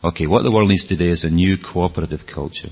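His voice sits low and sounds creaky, darkish and slightly rough, and he talks fast. The Scottish-accented man addresses an audience earnestly but ramblingly, frequently restarting sentences, in a dull, lo-fi hall recording.

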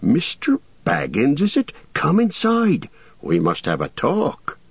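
A man putting on a gruff, hearty hobbit farmer. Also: fairly high pitch, wildly swooping pitch, takes it slowly, no room sound, highs cut off, pitched above the performer's own voice, exaggerated voice. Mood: astonished.

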